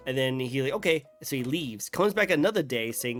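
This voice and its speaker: Male host, mid pitch, halting and casual, light music underneath. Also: expressive. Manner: hesitant, many fillers and restarts. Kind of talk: casual interview chat.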